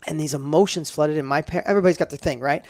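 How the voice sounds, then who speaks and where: Fast-talking gravelly middle-aged man. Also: on the high side, darkish tone, dry recording, studio quality. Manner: emphatic, builds up with repeated phrases. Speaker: guest entrepreneur. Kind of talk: conversational storytelling interview.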